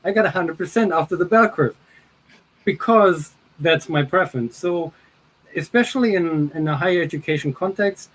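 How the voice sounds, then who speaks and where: A man's voice: a little high, moderate pace, fairly bright tone, low-quality recording. A man on a live panel chat, talking bluntly and emphatically, swearing casually, with a faint hum behind him. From Germany. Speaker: panel guest.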